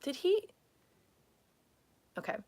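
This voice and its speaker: A woman psychic medium giving a live reading, speaking in a halting, emotional way with many restarts, at times tearful. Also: darkish tone.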